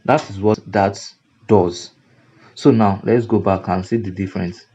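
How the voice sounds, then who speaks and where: A graphic design instructor with a Nigerian English accent leads a screen-recorded software tutorial at an unhurried pace, repeating himself for emphasis with fillers and restarts. His low, mellow voice is husky and steady in tone, and the recording sounds dull and lo-fi.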